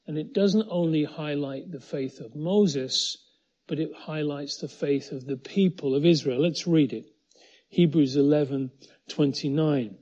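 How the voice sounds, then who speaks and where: A pastor preaches at an unhurried pace, his voice soft and mellow, leaning on repeated phrases for emphasis. The sound is slightly dull and lo-fi, as if from a modest stream. He sits a touch above the usual male pitch. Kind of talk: sermon with prayer, streamed to viewers.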